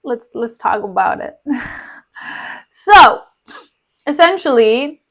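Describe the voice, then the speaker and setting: A woman's voice: a little high, big pitch swings, slow pace, fairly bright tone. A young woman streamer reading a play aloud with casual, slangy, giggly commentary.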